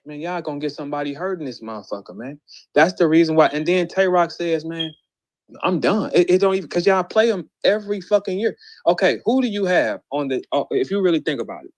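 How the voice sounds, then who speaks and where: A man's voice: a little high, expressive, fast, no room sound. Profane ranting man, dry close sound. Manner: profane, incredulous, mocking, shouts quoted lines. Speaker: battle rap commentator. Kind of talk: heated ranting monologue.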